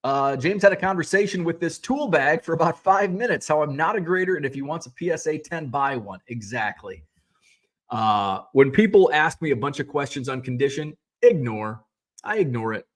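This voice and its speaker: A middle-aged man with a fairly high voice hosts a relaxed livestream, chatting with viewers about selling cards. He rants in a sarcastic, profane way and rambles, restarting his sentences as he goes. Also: fairly quick, few pauses. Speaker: host of a sports card selling livestream. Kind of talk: casual livestream chat, reading viewer comments.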